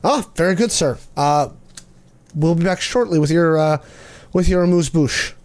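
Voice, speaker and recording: A man's voice: fairly high pitch, normal speed, a little mellow, close to an everyday voice. A man voicing a polite, formal restaurant maître d'. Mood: courteous. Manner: courteous, formal.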